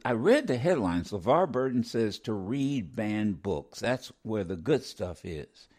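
Animated older man with a lively voice. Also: mid-range voice. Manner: animated, restarts often, quickens when excited. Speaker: radio show co-host. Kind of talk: casual commentary. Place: home studio.

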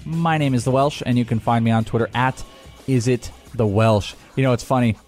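A man's voice: medium pitch, brisk, darkish tone, faint music behind. Rambling, jokey male sports podcast co-host. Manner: rambling, jokey, slips into mock voices. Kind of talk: casual sports chat.

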